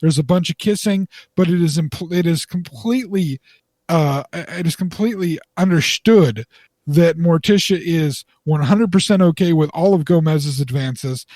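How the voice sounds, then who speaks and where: A man co-hosting a casual podcast, explaining his view in a measured way with some fillers, close to the mic. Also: on the high side, a little mellow, no room sound. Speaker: podcast co-host.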